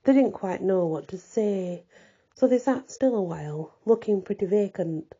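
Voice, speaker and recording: A woman reading a classic novel aloud in measured storytelling. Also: mid-range voice, dark tone, husky, highs cut off. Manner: measured, old-fashioned storytelling. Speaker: audiobook reader. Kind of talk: scripted narration.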